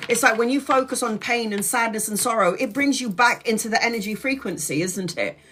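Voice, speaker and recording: A woman's voice: fairly high pitch, fairly quick, fairly bright tone, a little hiss or hum. A woman giving a live-streamed tarot reading, chatty and blunt, swearing casually as she talks. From Brazil. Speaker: tarot reader.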